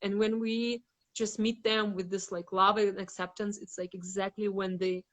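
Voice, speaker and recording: Her voice is medium-pitched with little pitch movement, at a normal speed. As the guest facilitator in a casual spiritual chat, this woman rambles with many "like" fillers, speaks frankly with some swearing, and acts out inner voices with drama.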